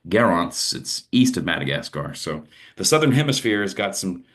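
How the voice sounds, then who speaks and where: Low-voiced casual weather forecaster man. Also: very animated, normal speed, fairly bright tone. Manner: loose, conversational, thinking aloud. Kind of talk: informal weather forecast over maps.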